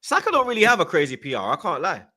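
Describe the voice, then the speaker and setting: A man's voice: sits high, racing, over a noisy crowd. A young man, chatting casually about football as host and using lots of slang. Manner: London slang, animated, voice jumps up when excited. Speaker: podcast host.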